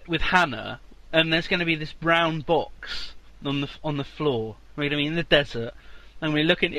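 Man, podcast co-host, bright voice, crude joker, casual banter. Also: on the high side, rough recording. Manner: jokey, crude, quick to slip into silly voices.

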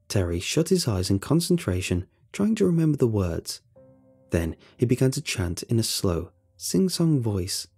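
Man, storyteller, husky mellow voice, lively pitch, expressive reading. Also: normal speed. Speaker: narrator. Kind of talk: scripted story narration.

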